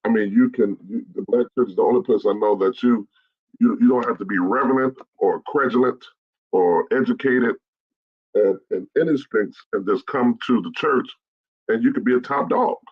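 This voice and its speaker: A man's voice: medium pitch, moderate pace, husky, narrow, tinny audio. A middle-aged man, a bishop, giving a blunt straight-talk message to pastors, repeating his points to drive them home.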